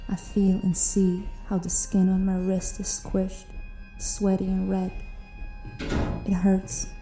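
A woman voicing a chained prisoner, slowly narrating her own pain in an audio drama. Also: medium pitch, reverberant, over music. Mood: weary. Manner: slow, flat inner narration.

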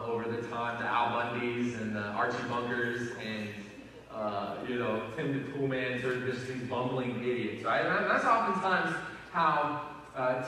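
A man's voice: mid-range voice, a bit bright, slight background noise. A man preaching a sermon in a conversational, emphatic way, often repeating his words as he builds up. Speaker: pastor. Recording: echoey hall from far off.

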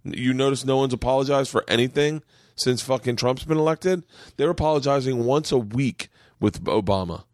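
A man's voice: normal speed, no room sound, clean studio sound. A middle-aged man hosting a podcast from his man cave, chatting casually with lots of swearing and joking. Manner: profane, joking, puts on a high drawling yokel voice at times. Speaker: podcast host. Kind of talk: casual chat. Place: home man cave studio.

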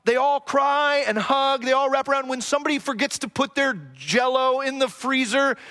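A man's voice: very high voice, steady tone, moderate pace, bright, forceful tone. A middle-aged male pastor giving a sermon in an earnest, repetitive preaching cadence, with rhetorical questions and self-deprecating asides. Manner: self-deprecating asides, jokes about his own accent.

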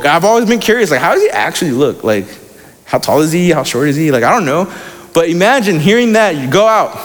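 A man's voice: fairly high pitch, very animated, fast, long reverb tail. A young man preaching a sermon in a casual, slangy way, reading scripture aloud between asides.

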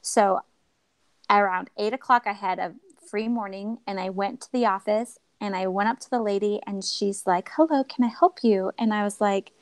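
A woman guest telling a personal story in a lively way, acting out what others said to her. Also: mid-range voice, normal speed, clean tone, dry recording. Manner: animated, acts out quoted voices. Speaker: podcast guest.

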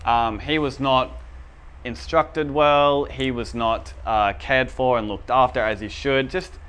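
A man's voice: medium pitch, steady tone, takes it slowly, a bit bright, clear, resonant tone. A man giving a casual, chatty teaching talk in a church room, often asking the audience whether they follow. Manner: chatty and informal, asks the audience for agreement.

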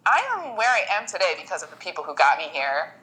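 Woman, bright clear tone, podcast guest, animated storytelling, acts out quotes. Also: fairly low pitch, fast, low-quality recording. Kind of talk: casual interview chat.

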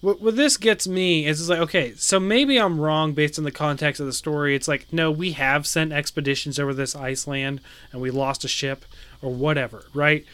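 A man's voice: fairly high pitch, fairly even intonation, moderate pace, a bit bright, smooth, dry recording. A man in casual chat about a video game, ranting with exasperation.

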